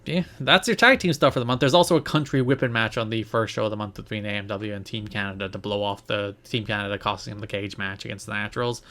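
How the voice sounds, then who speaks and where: A man co-hosting a podcast in casual chat, animated and quick to laugh, his pitch jumping when he is exasperated. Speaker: podcast co-host.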